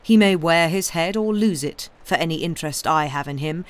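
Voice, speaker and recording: A woman voicing a stern, vengeful middle-aged woman revolutionary, cold and deliberate, in a read-aloud novel. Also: sits low, close to an everyday voice.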